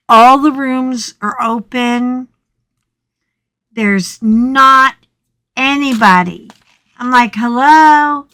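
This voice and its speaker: A woman's voice: a little high, pushed and bright, no echo. A middle-aged woman hosting a casual chat, telling a story dramatically with yelps and swearing. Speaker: coloring channel host.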